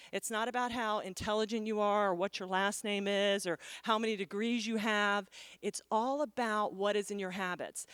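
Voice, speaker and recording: A middle-aged woman giving a lively, joking motivational talk as keynote speaker. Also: mid-range voice, smooth, no room sound. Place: conference stage.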